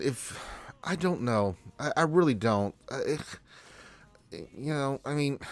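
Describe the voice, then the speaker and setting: A medium-pitched man, recorded with no echo, hosts a Q&A livestream while congested from allergies. He chats with his viewers in a loose, easygoing, rambling manner.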